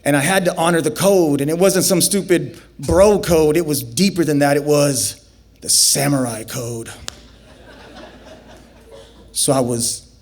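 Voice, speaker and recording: A young adult man telling a personal story on stage, acting out the dialogue with big, animated swings that climb into high, excited shouts. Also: unhurried, long pauses.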